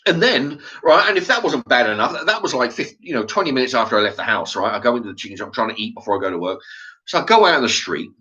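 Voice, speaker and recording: Man for a vlog rant: bright, lively delivery, blunt and sweary, slightly lo-fi sound. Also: medium pitch, racing. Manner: animated, blunt, swears freely. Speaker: channel host. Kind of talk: casual storytelling monologue. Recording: dull lo-fi recording.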